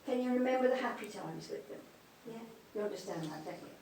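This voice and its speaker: Tender medium in an echoey hall. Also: female voice, a little high, quick pace, a little mellow. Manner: tender, calls people darling and sweetheart, laughs often. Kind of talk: live mediumship demonstration. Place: spiritualist church hall. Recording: echoey hall, distant mic, faint noise.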